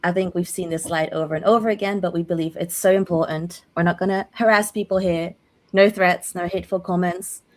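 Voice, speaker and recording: A woman with a hosting a casual online community call, upbeat and quick to laugh, with fillers. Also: lowish voice.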